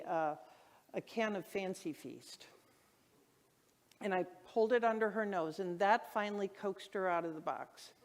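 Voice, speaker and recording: A woman minister preaching a sermon, telling stories with enthusiasm and lively shouts. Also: mid-range voice, long reverb tail. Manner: enthusiastic storytelling, acts out her own excited shouts. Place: church hall. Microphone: handheld microphone.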